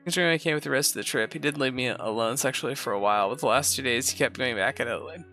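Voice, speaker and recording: Bright-voiced man reading and reacting. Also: medium pitch, rapid-fire, soft background music. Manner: reads in first person, breaks off for blunt sarcastic asides. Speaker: host reviewing reddit posts. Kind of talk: reading a post aloud with commentary.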